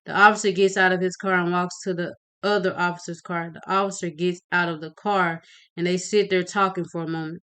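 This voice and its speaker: A woman reading her novel aloud in a steady narrating voice, with occasional slips. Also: lowish voice, fairly quick, smooth. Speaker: audiobook reader.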